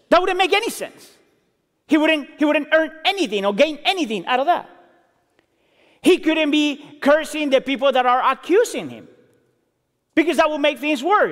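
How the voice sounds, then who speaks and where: A man preaching a sermon, acting out quoted lines and building intensity before dropping low and quiet. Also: normal speed. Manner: expressive, acts out quotes, builds intensity then drops low. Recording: reverberant hall.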